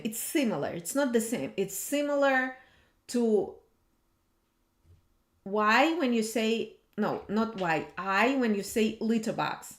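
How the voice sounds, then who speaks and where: Woman teacher, repeats each sound patiently, very slow, roomy echo. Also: on the high side. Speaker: language teacher. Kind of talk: slow alphabet lesson. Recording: echoey room.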